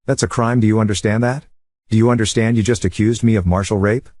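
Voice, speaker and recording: A man's voice: lowish voice, fairly even intonation, fast, darkish tone, no room sound, clean studio sound, close to an everyday voice. A man voicing an angry, condescending husband who swears and mocks in a raised voice. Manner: swearing, mocking.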